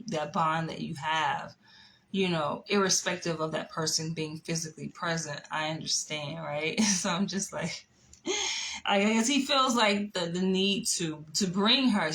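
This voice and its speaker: A woman's voice: on the low side, a bit bright, a little hiss or hum, poor audio. A woman casually telling a personal story, chatty, with laughs, asides and the odd whisper. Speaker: vlogger.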